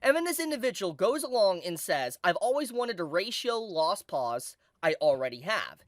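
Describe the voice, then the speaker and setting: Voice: medium pitch, sing-song, normal speed, no echo. A YouTube commentator delivering scripted video commentary in a mock-serious, dramatic tone of condemnation, recorded close on a dry mic.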